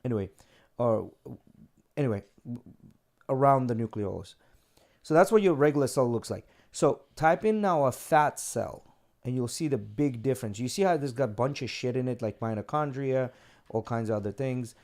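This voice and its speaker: A man co-hosting a casual podcast in a studio room, speaking at an ordinary middle pitch. He talks loosely, swears freely and walks through explanations step by step, guiding whoever is at the screen. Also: animated, moderate pace, a little mellow. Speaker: podcast co-host.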